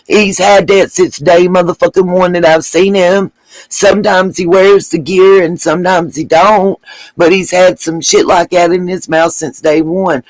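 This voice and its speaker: A woman's voice: on the low side, no echo, rough recording. A middle-aged woman hosting a live stream, talking bluntly and angrily with lots of swearing. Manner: blunt, profane, fired-up. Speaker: livestream host.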